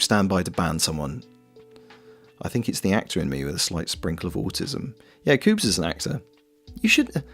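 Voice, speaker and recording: A young Welsh man with a Welsh accent, chatting casually and jokily while knitting on a stream, swearing freely. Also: fairly low pitch. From Wales. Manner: rambling, jokey, swears freely. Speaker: streamer and voice actor. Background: faint lo-fi music.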